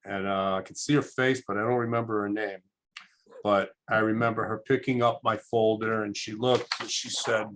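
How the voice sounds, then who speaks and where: A man's voice: flat delivery, moderate pace, fairly bright tone. A middle-aged man, a guest telling stories and acting out the voices of people in them. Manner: acts out quoted voices with big pitch jumps. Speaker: podcast guest, electrical contractor. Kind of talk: animated storytelling.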